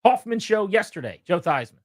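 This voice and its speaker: A man's voice: high voice, brisk, dry recording, clean studio sound. A man hosting sports talk radio, talking emphatically and telling stories with energy. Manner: emphatic, animated storyteller.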